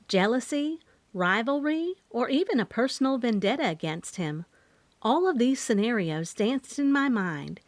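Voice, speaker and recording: Woman, audiobook narrator, lively pitch, dry close sound, first-person storytelling. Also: no room sound.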